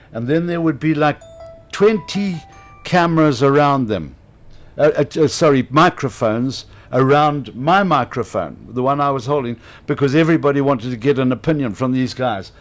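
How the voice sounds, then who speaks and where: Man telling a lively story. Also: mid-range voice. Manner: animated anecdote teller, laughs often. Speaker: radio host. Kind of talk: casual storytelling chat.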